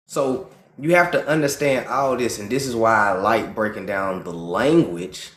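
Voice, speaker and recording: A man from Georgia with a Southern US accent, hosting an impassioned livestream monologue. He talks emphatically and profanely, his voice climbing high when he gets worked up. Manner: emphatic, profane, rising to excited high pitch. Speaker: livestream host. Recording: roomy echo.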